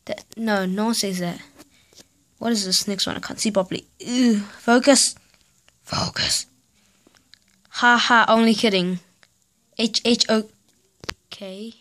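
A woman's voice: mid-range voice, fairly even intonation, measured pace, long pauses, fairly bright tone. A woman vlogger ranting in a casual, sarcastic, exasperated way, spelling out letters in disbelief. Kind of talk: casual vlog rant.

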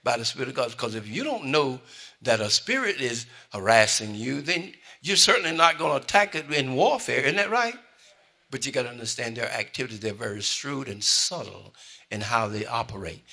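Bright-voiced preaching man, hushed to loud. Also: mid-range voice, normal speed, breathy edge. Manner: call-and-response preaching, swinging from hushed to loud. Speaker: pastor. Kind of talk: sermon.

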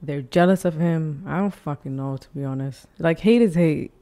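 Low-voiced woman chatting through a reaction. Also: moderate pace. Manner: chatty and expressive, casual swearing. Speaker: reaction video host. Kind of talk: casual reaction commentary.

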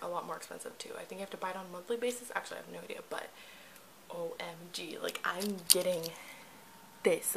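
A teenage girl vlogging casually at home, excitable and gushing, with lots of fillers, recorded on a camera mic. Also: on the low side, a little hiss or hum, poor audio. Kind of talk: casual vlog chat. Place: at home indoors.

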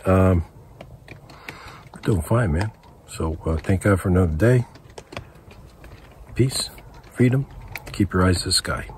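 Laid-back older man with very deep voice. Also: moderate pace, long pauses. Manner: laid-back, rambling, lots of fillers. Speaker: outdoors vlogger. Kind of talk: casual camp vlog. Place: canvas teepee tent with wood stove, snowy woods. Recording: outdoor camp recording with steady background noise.

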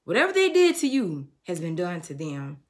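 Woman reading tarot cards, low-ish voice, emotional and preachy, hums bits of songs. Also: huge pitch swings, normal speed. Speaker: tarot reader.

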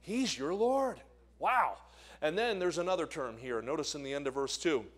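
Animated evangelist man preaching. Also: a little high, brisk. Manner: animated, swings between loud emphasis and quiet asides. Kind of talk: sermon. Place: church sanctuary.

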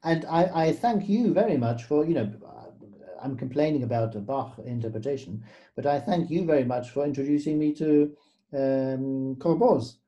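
A man's voice: on the high side, moderate pace, mellow, lo-fi sound. A man, a guest pianist, explaining in a storytelling way with frequent fillers and tag questions. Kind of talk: conversational explanation.

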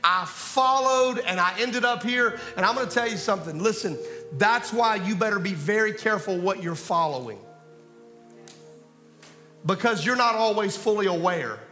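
A pastor preaches with animated swings between loud calls and quiet asides. His voice is high and bright. It rings through a reverberant hall, with faint music underneath. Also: moderate pace. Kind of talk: sermon.

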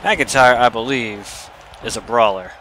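Excitable guy doing let's play commentary, bright sharp voice, chats and laughs a lot. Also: mid-range voice, measured pace, a little hiss or hum. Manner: chatty and excitable, laughs often. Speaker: gameplay commentator.

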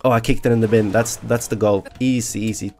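A man's voice: mid-range voice, fairly even intonation, fast talker, a little mellow. Sarcastic guy gaming and teasing a random teammate, faint music underneath. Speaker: gaming YouTuber. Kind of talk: playful gameplay commentary.

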